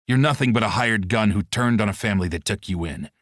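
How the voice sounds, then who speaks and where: A man's voice: on the low side, quick pace, no room sound, clean studio sound, natural voice. A male audiobook narrator voicing a scornful family man who speaks curtly and dismissively. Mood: hostile.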